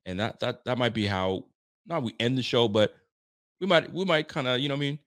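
A man hosting a live sports talk show, excitable and loud, often repeating himself as he talks. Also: mid-range voice, a little fast, no room sound, clean studio sound. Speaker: sports podcast host. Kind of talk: casual live show chat.

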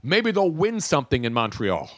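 A man's voice: fairly high pitch, wildly swooping pitch, normal speed, fairly bright tone, dry recording. A man hosting a sports podcast, opinionated and talking in long runs of casual chat. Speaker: podcast host.

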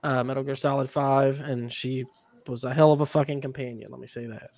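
A man's voice: medium pitch, steady tone, brisk, a little mellow, no echo. A man hosting a casual podcast, speaking in an emphatic, candid way. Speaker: podcast host. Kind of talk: casual chat.

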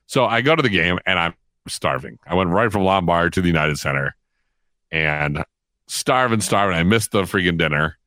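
A middle-aged man tells a story in a casual, animated way. He laughs as he talks and acts out the lines of the people in it. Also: deep voice, normal speed, no echo. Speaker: guest storyteller.

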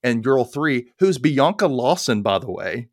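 A man's voice: medium pitch, unhurried, no echo. Guy on a podcast recapping a show, voice bouncing all over, dry close sound. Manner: animated, acts out characters' lines in raised voices. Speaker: podcast host. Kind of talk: casual chat recapping a TV episode.

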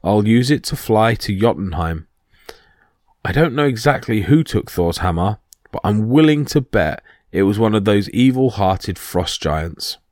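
A man's voice: fairly low pitch, expressive, unhurried, darkish tone, dry recording, clean studio sound. Loki, a man voicing a sly trickster god. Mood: scheming.

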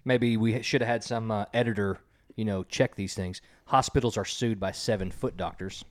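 A man's voice: on the low side, steady tone, moderate pace. A man hosting an informal home quiz game, reading jokes aloud and chuckling at them, with a loose style full of fillers. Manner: chuckles at his own jokes. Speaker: quiz host.

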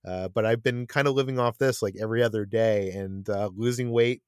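A man's voice: fairly low pitch, fairly even intonation, fairly quick, a little mellow, clear, resonant tone, dry recording, clean studio sound. A man hosting a casual podcast chat, talking with frequent stammered restarts and fillers. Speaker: podcast host.

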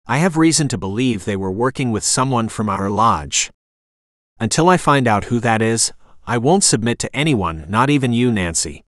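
A defiant woman on the run, read by a man in a storybook, commanding and blunt. Her lines lift and drop across a wide pitch span. The sound is dry and close. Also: lively intonation, moderate pace, a bit bright, dry recording, natural voice. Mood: urgent, firm.

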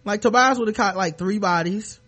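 A male podcast host in casual chat, recapping a TV episode with profane, animated retellings and acted-out quotes. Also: high voice, moderate pace.

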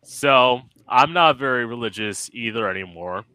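A man hosting a casual interview, relaxed and agreeable, swearing casually. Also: mid-range voice, normal speed, clear, resonant tone, no echo. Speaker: host.

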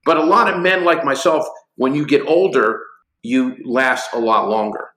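A man in his sixties tells stories with gusto, playing out both sides of every exchange. His voice is bright and forward, and the sound rings in an echoey room. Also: medium pitch, moderate pace. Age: 60s. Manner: lively anecdotes acting out both sides of conversations. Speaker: guest, company executive. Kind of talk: animated storytelling interview.

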